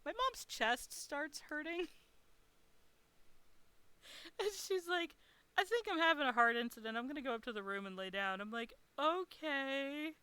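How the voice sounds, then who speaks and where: Woman streamer, fairly high bright voice, animated casual storyteller. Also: measured pace, long pauses, no room sound. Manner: animated, swears, laughs while telling.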